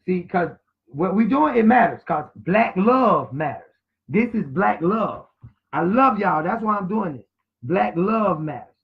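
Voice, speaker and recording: Guy teaching a class, preachy, keeps spelling stuff out, higher voice, sounds like it's over a phone. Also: animated, measured pace, narrow, tinny audio. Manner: preachy, repeats words and spells them out. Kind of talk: informal class lecture.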